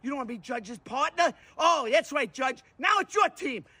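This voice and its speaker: A man in a played clip ranting furiously at a ballplayer, shouting and cursing bitterly. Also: very high voice, lively intonation, normal speed. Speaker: angry sports fan in a clip. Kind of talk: furious rant.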